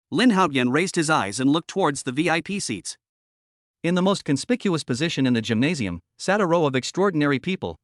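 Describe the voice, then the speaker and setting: Man reading a novel aloud, steady, kinda high voice, dry close sound. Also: no echo. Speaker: narrator. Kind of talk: scripted audiobook narration.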